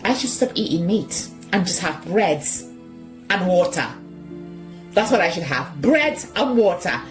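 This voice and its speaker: A woman's voice: lowish voice, big pitch swings, unhurried, over music. A woman ranting in a social media vlog, exasperated and exclaiming, close to tears. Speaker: shopper.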